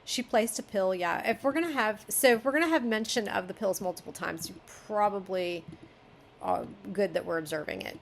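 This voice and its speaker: A woman critiquing a fellow writer's chapter, reading passages aloud and thinking out loud as she second-guesses herself. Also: medium pitch, a little fast, vocal fry, a little hiss or hum. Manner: musing, self-questioning, flip-flops between options. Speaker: beta reader giving writing critique.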